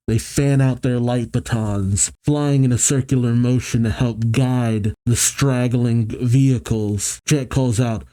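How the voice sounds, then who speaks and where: A man's voice: medium pitch, steady tone, a little slow, mellow. A man reading a comic aloud as narrator, with chatty asides between panels. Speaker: comic reader and reactor.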